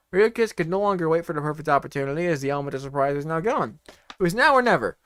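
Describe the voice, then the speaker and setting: A man's voice: fairly high pitch, no room sound, studio quality. A man reading a comedic story aloud in a playful, mock-dramatic way, breaking off for joking asides.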